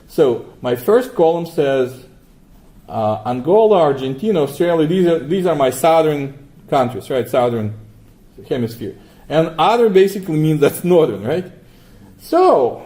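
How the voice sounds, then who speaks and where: A man teaching a class, walking through software steps and asking students questions, often adding 'right?'. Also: on the high side. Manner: asks the class frequent questions, tags 'right?'. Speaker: lecturer. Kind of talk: classroom lecture with software demo.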